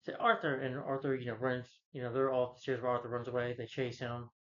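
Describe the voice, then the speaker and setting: A male film critic talks through a movie's plot in a loose, meandering way, his flat, quick, mid-range delivery littered with filler words and restarts. The highs are missing from the audio.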